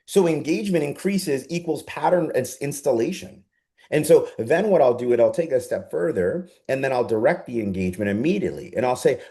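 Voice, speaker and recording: A man coaching a group live on a video call, energetic and persuasive, often asking his audience rhetorical questions. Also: mid-range voice, brisk. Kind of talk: live online coaching session.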